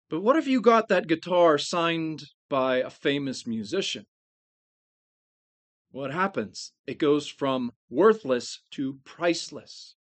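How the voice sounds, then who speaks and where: A man preaching a sermon, earnest and emphatic, leaning on key words with slow stressed phrases. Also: a little high, no echo.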